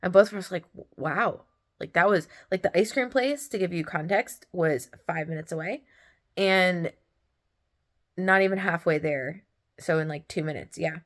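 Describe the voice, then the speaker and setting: A woman's voice: fairly low pitch, moderate pace. A young woman telling a story in a casual, gushing way, laughing often as she talks. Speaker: podcast host.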